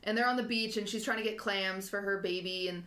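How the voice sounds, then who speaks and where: A woman's voice: mid-range voice, steady tone, fairly quick, sharp tone. A young woman in her twenties, co-hosting a podcast, telling a rambling, emotional story and laughing often. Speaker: podcast co-host. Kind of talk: casual chat, animated storytelling. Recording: echoey room.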